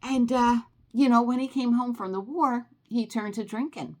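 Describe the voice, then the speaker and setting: A woman's voice: a little high, moderate pace, a little mellow. An American woman ranting in a casual vlog, exasperated and emphatic, often restarting her sentences. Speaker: travel vlogger.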